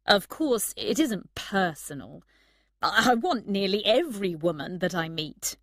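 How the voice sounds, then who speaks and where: A woman's voice: mid-range voice, lively intonation, a little slow, dry recording, studio quality. A woman voicing an arrogant young charmer. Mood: self-pitying. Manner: soft, gentle. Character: young man, arrogant, self-centred charmer.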